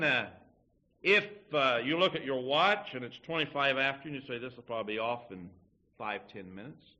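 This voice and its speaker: A man's voice: mid-range voice, sharp tone, dull audio. A man preaching a folksy sermon to his church, acting out little everyday dialogues as he teaches. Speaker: pastor.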